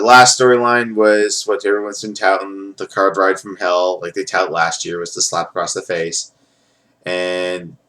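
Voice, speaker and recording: A man with a fairly low voice talks through a recap in loose, casual vlog fashion. He rambles and swears freely. His sentences are full of filler words. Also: fairly bright tone. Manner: rambling, profane, lots of filler. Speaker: wrestling show reviewer.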